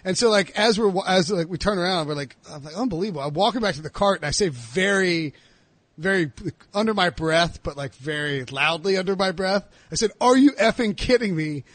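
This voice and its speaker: A man hosting a podcast, telling a story in casual chat and acting out the shouted lines. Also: high voice, fairly quick, no echo. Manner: animated storyteller, acts out shouted quotes. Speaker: podcast host.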